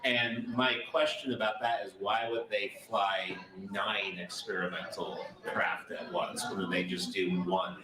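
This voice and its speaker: A man on a debate panel giving a measured, thoughtful answer to an audience question. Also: deep voice, fairly even intonation. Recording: echoey room with crowd.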